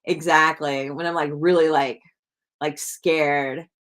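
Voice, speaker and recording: A woman speaks to her live-stream viewers as a psychic host, slow and easygoing with a somewhat low voice. Her talk wanders, full of "like", and she keeps asking the audience how they feel. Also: steady tone. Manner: rambling, heavy use of "like", keeps asking viewers questions.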